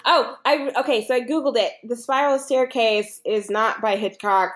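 A woman with a fairly high voice talks at a normal speed as she co-hosts a podcast. She recaps a film casually, rambling, laughing often and saying "like" constantly.

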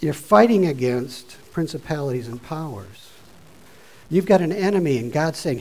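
A man preaching a sermon, informal and conversational, rising from quiet asides to loud exhortation. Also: a little high, lively intonation, normal speed, slight background noise, rough recording.

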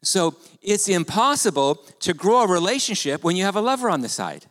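A man preaching a sermon as pastor, animated and conversational, with rhetorical questions to the congregation. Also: sits high, fairly quick. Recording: long hall reverb.

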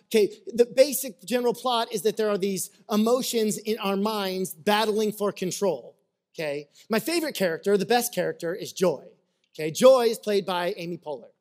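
Animated man preaching a conversational sermon. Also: high-pitched, normal speed. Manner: animated storyteller, acts out little scenes; conversational, checks in with listeners. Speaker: pastor.

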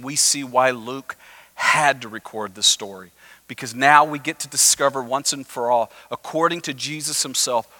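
A male pastor preaching a sermon, animated and acting out the voices of the listeners in the story. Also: medium pitch.

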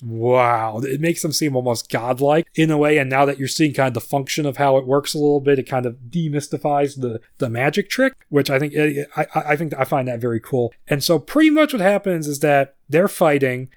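A man's voice: medium pitch, a little fast, few pauses, no room sound, clean studio sound. A man hosting a podcast, giving a casual, amused recap of a screenplay's plot, often restarting his sentences. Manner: chatty, amused, with frequent restarts. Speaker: podcast host.

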